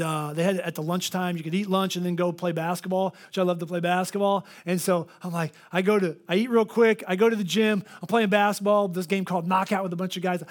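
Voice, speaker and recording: Man, pastor, high voice, animated sermon storytelling, acts out the people in his story. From Florida.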